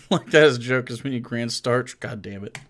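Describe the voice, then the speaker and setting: A man's voice: medium pitch, normal speed, a bit bright, no room sound. A young man giving sarcastic, profane live-stream commentary, mocking what he reads on a close desk mic.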